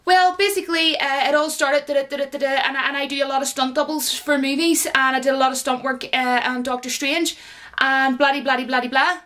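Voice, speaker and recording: Irish woman doing a high-voiced guy rambling offhand about his stunt work. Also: fairly even intonation, fairly quick, bright, forceful tone.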